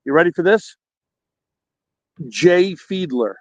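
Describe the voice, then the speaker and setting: A man's voice: high-pitched, expressive, slow pace, darkish tone, no room sound, poor audio. A man calling in by phone from a park, rambling animatedly through a story with quoted dialogue. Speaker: caller. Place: outdoors at a park.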